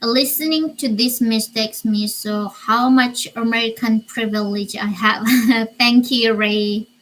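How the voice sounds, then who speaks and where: Slow-speaking Korean-accented woman. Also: a little high, fairly even intonation, a bit bright, poor audio. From North Korea. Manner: reads out viewer comments and answers them, pausing often. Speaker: livestream host. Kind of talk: casual livestream chat reading comments.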